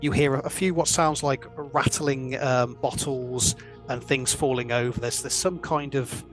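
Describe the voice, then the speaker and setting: A man narrating a tabletop game as game master, describing scenes in halting, repeated phrases. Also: medium pitch, steady tone, soft background music.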